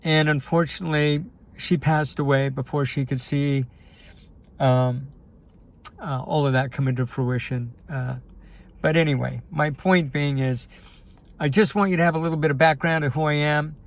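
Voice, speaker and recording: A man's voice: on the high side, fairly even intonation, moderate pace. A middle-aged man from the United States, a life coach and filmmaker, candidly and emotionally telling his life story in a personal video. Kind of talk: personal video talk to camera.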